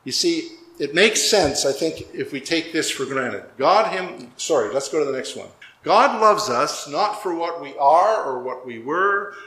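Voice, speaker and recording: Echoey male pastor preaching, slightly high. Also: animated, unhurried, sharp tone. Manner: conversational preaching with self-corrections and asides. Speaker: Lutheran pastor. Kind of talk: sermon.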